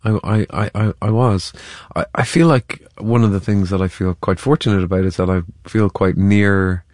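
Man, very low voice, dry close sound, stammering restarts, reflective interview talk. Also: fairly even intonation, moderate pace, a little mellow, no echo. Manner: stammering restarts, thoughtful, laughs easily. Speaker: actor, interview guest.

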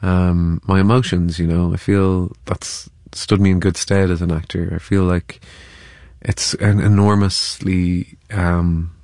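A man's voice: low-pitched, little pitch movement, a little slow, a little mellow, no room sound, clean studio sound. A man, an actor, talking about his craft in an interview, with frequent stammered restarts and easy laughter. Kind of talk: reflective interview talk.

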